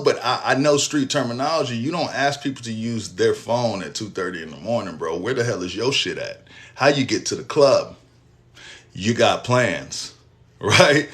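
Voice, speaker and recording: A young man, telling a personal story in casual, profane, animated style. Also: medium pitch. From Texas, US. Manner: animated, profane storytelling with acted-out quotes and laughs.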